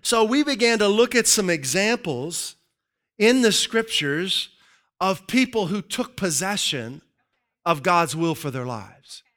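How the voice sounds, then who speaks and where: A man preaching a sermon to his congregation in an energetic, joking way that keeps calling out to the crowd. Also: high voice, clear, resonant tone. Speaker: pastor.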